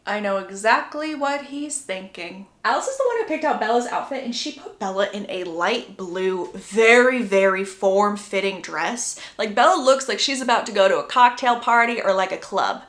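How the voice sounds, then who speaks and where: A young woman casually recapping a book plot for her channel, chatty and lively, jumping into character quotes. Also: moderate pace, few pauses, roomy sound. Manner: chatty, acts out quotes with pitch jumps. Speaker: book summarizer.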